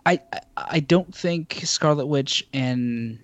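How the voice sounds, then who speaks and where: A man's voice: fairly high pitch, takes it slowly, no room sound. A man co-hosting a casual podcast chat, a bit tipsy, rambling and stammering through repeated words. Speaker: podcast co-host.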